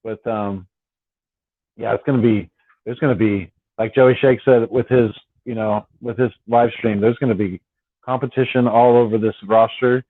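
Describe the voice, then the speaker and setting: A man's voice: medium pitch, fairly even intonation, normal speed, dry recording. A man hosting a casual late-night fan live stream, rambling and repeating his words as he talks. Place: at home on the West Coast. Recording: dry, tinny phone-like sound.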